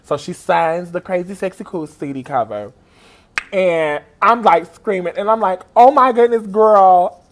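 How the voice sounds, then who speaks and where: A man telling an excited personal story on his vlog, gushing and animated and speaking straight to his viewers. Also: measured pace. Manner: animated and gushing, big pitch swings, talks straight to viewers. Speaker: vlogger.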